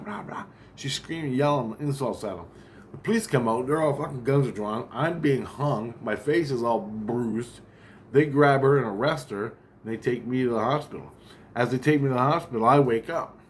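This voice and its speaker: A man's voice: medium pitch, slight background noise. A man telling a long account of a dream in a rambling, profane way, with many restarts and asides. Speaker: vlogger.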